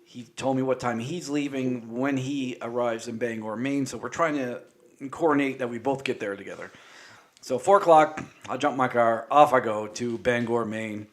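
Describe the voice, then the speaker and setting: A man from Canada, a podcast guest, telling a road-trip story in casual chat, animated and laughing often as he acts out the people in it. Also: mid-range voice, moderate pace.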